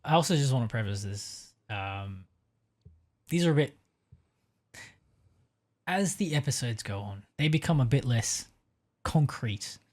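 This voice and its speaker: A man co-hosting a casual podcast, pitching a story with many hesitant fillers and easy laughs. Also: lively intonation, a little slow, long pauses.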